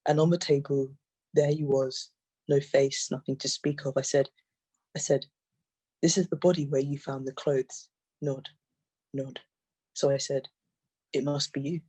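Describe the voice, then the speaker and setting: A poet reading their own poems aloud in a measured, intense way, often repeating phrases. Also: medium pitch, level tone, mellow, breathy edge. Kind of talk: poetry reading.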